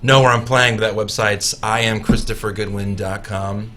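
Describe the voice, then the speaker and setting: A man's voice: on the low side, steady tone, bright, forceful tone. A man, a musician guest on a radio show, chatting casually in a studio, joking about himself and restarting his sentences often. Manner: joking, self-mocking, halting restarts.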